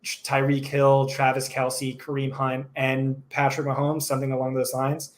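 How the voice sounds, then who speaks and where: A man co-hosting a live stream and chatting casually, brisk and opinionated, often restarting his sentences. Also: mid-range voice, monotone. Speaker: co-host.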